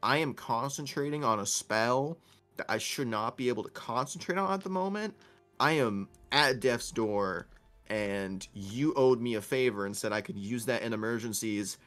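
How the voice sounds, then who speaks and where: A man's voice: medium pitch, normal speed, fairly bright tone, faint music behind, close to an everyday voice. A man voicing a desperate spellcaster at death's door who pleads for help in an emergency. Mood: pleading. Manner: pleading, strained.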